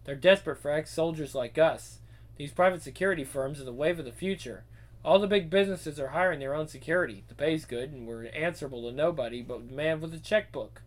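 A man plays a cocksure ex-soldier security guard in a film drama, brusque and coarse, shrugging off questions. His voice is a touch high for a man. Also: fairly quick, lightly acted. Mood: cynical. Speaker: film character.

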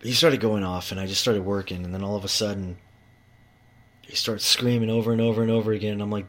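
A man with a fairly low voice rants about work. He swears constantly and circles back over the same words. He sounds heated and worked up. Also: fairly even intonation, fast talker, a bit bright. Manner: profane, heated, repetitive. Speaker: manual tradesman. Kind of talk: ranting monologue.

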